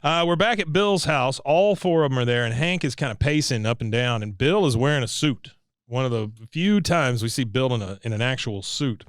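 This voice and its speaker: A man's voice: medium pitch, expressive, a little fast, clear, resonant tone, no echo, studio quality. Chatty man retelling scenes. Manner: retells scenes with laughs, acting out the characters' lines. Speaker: podcast co-host. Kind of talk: casual chat.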